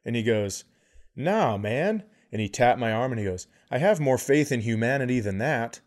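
A man's voice: medium pitch, a little fast. Guy cohosting a podcast, tells stories all worked up, swears a bunch, does the voices. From American Midwest. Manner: animated storyteller, acts out quotes, swears a lot. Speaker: podcast co-host, comedian. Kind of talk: storytelling casual chat.

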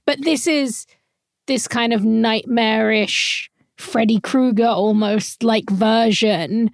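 High-voiced enthusiastic woman podcaster. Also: steady tone, slow, gravelly, no room sound, studio quality. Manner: enthusiastic, jokey, quotes characters. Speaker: podcast co-host. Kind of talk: casual recap chat.

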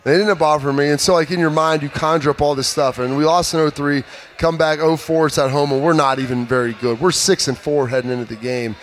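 A man in his thirties, a former player, telling stories in an animated, emphatic way during a casual sports chat. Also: fairly high pitch, quick pace, a little hiss or hum.

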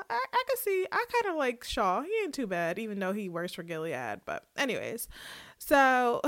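A woman co-hosting a casual chat, retelling a TV episode in an animated storytelling way with laughs. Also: mid-range voice, dry recording, studio quality. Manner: lively storytelling recap with quoted voices and laughs. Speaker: podcast co-host recapping a TV episode.

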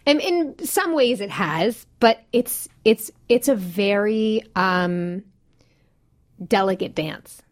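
Thirties mom guest, mid-pitched, earnest and thoughtful, pauses to find words. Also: female voice, animated. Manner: earnest, reflective, some halting pauses. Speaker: podcast guest. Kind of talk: casual chat.

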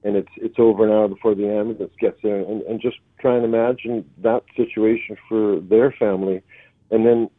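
A man speaking as a guest by phone, halting and stammering as he talks earnestly. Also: lowish voice, fairly even intonation, no room sound. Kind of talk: phone interview. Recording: tinny phone line.

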